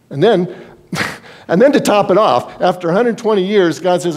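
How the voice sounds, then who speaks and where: A pastor gives a sermon in a fairly high male voice. He tells the stories with energy and acts out the people in them. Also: lively intonation, moderate pace. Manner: storytelling, acts out Bible scenes in quoted voices.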